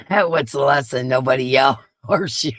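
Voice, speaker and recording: A woman's voice: very deep voice, a little slow, no room sound. A woman with a stuffy, congested nose hosts a live stream, chatting and greeting her viewers one by one. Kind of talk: casual chat with viewers.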